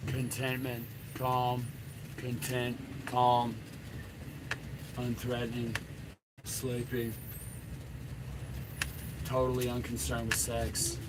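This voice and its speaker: A man's voice: mid-range voice, completely flat delivery, slow pace, pauses often. Profane middle-aged man ranting over traffic noise. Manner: profane, rambling, blunt. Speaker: dating coach. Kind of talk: unscripted coaching rant.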